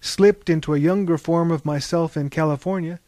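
A man's voice: fairly high pitch, steady tone, normal speed, darkish tone, no echo, natural voice. A man narrating and voicing a dreamy, grandiose young man with lofty, theatrical phrasing.

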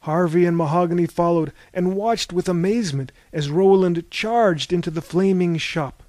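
A man narrating an audiobook in a measured storytelling voice. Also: sits high, a little mellow, dry recording.

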